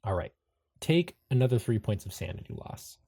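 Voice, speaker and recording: A man narrating a tabletop horror game as game master, calm and matter-of-fact. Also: fairly low pitch, moderate pace, creaky, slightly rough.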